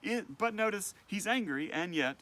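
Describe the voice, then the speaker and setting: A man's voice: sits high, normal speed. A man teaching a church Bible study lesson in a conversational way, reading verses and explaining them. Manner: conversational, animated when voicing Moses.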